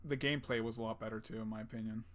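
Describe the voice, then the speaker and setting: A man's voice: fairly low pitch, steady tone, racing, a bit bright, a little hiss or hum. A man co-hosting a gaming podcast in casual chat, rambling with lots of fillers and crude jokes. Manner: rambling, filler-heavy, crude jokey banter. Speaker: podcast co-host.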